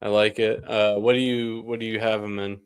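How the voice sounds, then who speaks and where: A man co-hosting a podcast, chatting casually about basketball, relaxed and prone to laughing and trailing off. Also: lowish voice, fairly quick, clear, resonant tone, no echo, clean studio sound. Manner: relaxed, laughs often, trails off mid-sentence. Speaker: podcast co-host. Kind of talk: casual sports chat.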